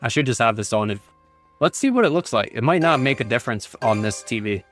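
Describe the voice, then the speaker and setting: A man's voice: mid-range voice, lively intonation, fast, a bit bright. A man streaming a video game, talking casually and rambling as he reads text aloud with many fillers. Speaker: gaming streamer. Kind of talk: casual livestream commentary. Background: faint game music.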